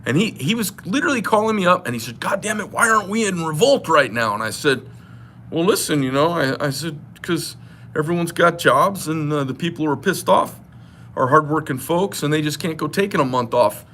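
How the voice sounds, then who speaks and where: Guy ranting to camera, bright voice, worked up. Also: a little high, expressive, fairly quick, a little hiss or hum. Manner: impassioned, ranting, retelling a phone call. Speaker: knife shop owner. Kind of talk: political rant to camera.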